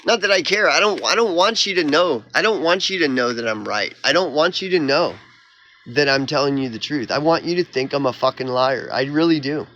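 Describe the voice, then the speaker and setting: A man's voice: fairly high pitch, a little fast, fairly bright tone. A man from Oklahoma, a YouTuber, delivering a heated, sarcastic vlog rant in a mocking, exasperated manner. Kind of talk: ranting vlog monologue.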